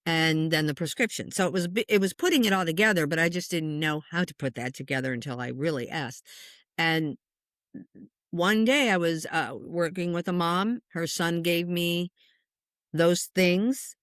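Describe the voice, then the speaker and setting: A woman who works as a spiritual medium, a guest telling stories in an earnest, passionate, animated way. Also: lowish voice, unhurried, dry recording, studio quality. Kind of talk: conversational interview storytelling.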